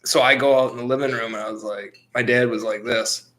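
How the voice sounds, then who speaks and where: A man's voice: mid-range voice, fairly even intonation, a little fast, pushed and bright. A man in his twenties co-hosting a podcast, telling a story in a blunt, rambling, profane way. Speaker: podcast co-host. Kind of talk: casual storytelling chat.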